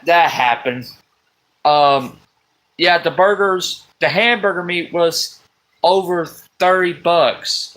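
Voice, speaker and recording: A man sits at his table at home and rants on a live stream. His voice sits fairly high and he drawls slowly, swearing often and breaking into loud exasperated outbursts. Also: rough recording. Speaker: livestream host. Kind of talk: rambling live-stream rant.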